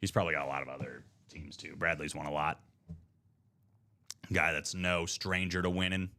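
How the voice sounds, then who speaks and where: Male live-break host, lowish voice, relaxed joking banter. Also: moderate pace. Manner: laid-back, joking, rambling banter. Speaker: host of a live trading card break stream. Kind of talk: casual live-stream chat.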